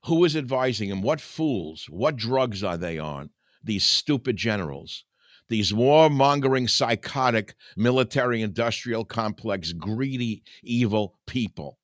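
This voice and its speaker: A man's voice: mid-range voice, lively intonation, unhurried, dry recording, clean studio sound. An older man hosting a talk show, reading scripture aloud and then ranting in an impassioned, preaching way. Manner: preaching, rising to angry outbursts. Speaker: radio talk host.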